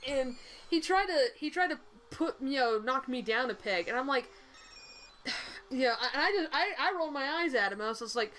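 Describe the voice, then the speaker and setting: A young woman with a Southern US accent tells a story in casual co-host chat, her voice pitched a little high. She rambles, talks bluntly and swears freely. Faint game music plays underneath. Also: animated, moderate pace, a bit bright, poor audio.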